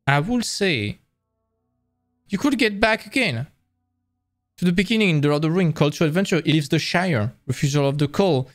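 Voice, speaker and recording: A man's voice: on the high side, expressive, moderate pace, long pauses, no echo, studio quality, soft background music. A man presenting a live-streamed lecture, explaining in a casual, enthusiastic way with frequent restarts.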